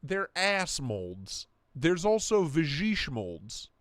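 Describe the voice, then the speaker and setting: Lively joking man hosting a stream. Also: on the high side, slow, dry recording, studio quality. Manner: joking, crude, laughs often, reads donations. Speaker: livestream host. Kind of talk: casual livestream chat.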